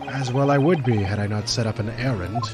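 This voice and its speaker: A man's voice: medium pitch, brisk, natural voice. A man reading a theatrical, eccentric detective from a courtroom game with a genteel manner. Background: game music.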